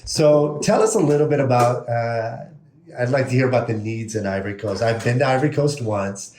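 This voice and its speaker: A man's voice: mid-range voice, brisk, a little mellow. A man hosting a podcast in easy, casual conversation. His mid-range voice rings a little in a roomy space, and a faint hiss sits under it. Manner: chatty, laughs through stories. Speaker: podcast host. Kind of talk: casual interview chat.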